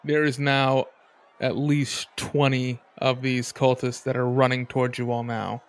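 A man's voice: mid-range voice, flat delivery. Man running a tabletop game. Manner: casual, unhurried narration with fillers. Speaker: game master.

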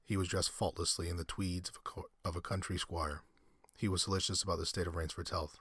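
A man reading a short story aloud as an audiobook, in a measured storytelling manner. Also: low-pitched, steady tone, fairly bright tone, husky, no room sound, clean studio sound. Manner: measured storytelling with occasional restarts. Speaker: narrator.

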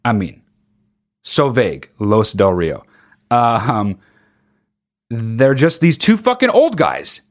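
Lively, profane man ranting comedically. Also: medium pitch, slow pace, long pauses. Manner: profane, exasperated ranting with mock singing. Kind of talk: stand-up style comic rant.

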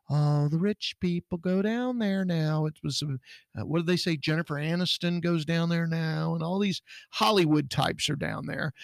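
A Texan man who owns a security business co-hosts a podcast, speaking bluntly and indignantly in casual chat. His voice is on the high side and creaky, and the recording is dry.

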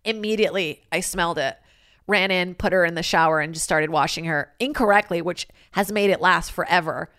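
A woman hosting a comedy podcast alone, rambling and swearing freely and switching into loud acted-out quotes. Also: lowish voice, fairly quick, no room sound, clean studio sound. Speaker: podcast host. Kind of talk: casual solo comedy podcast monologue.

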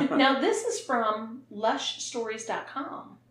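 A woman's voice: a little high, slow, a bit bright. A woman hosting a podcast in casual chat, playful and giggly. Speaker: podcast host. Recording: roomy echo.

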